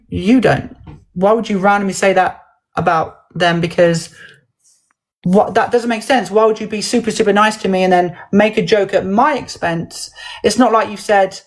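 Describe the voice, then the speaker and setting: A woman talks through a dispute on her livestream. She tells it with animated energy and acts out the other people's lines. Her voice sits at a middle pitch. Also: low-quality recording. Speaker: livestream host. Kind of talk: heated livestream chat.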